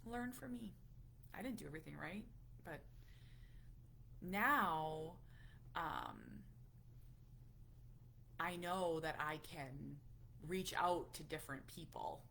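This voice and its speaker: A woman's voice: low-pitched, big pitch swings, slow, vocal fry, long pauses, a little hiss or hum. A woman in her thirties, a parent chatting candidly and emotionally with viewers on a live stream. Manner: candid, emotional, softly confiding. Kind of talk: casual live-stream chat.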